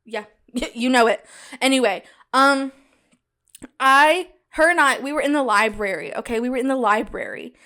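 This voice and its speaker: High-voiced, chatty young woman. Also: moderate pace. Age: young adult. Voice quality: loud cackling laugh. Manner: chatty, animated, talks straight to listeners. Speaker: podcast host. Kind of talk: casual solo podcast chat.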